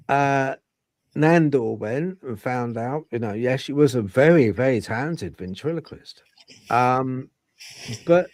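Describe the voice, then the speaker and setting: Male podcast host, lively up-and-down voice, rambles and restarts, dry close sound. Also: on the high side, no echo. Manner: rambling, with many fillers and restarts. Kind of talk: casual storytelling chat.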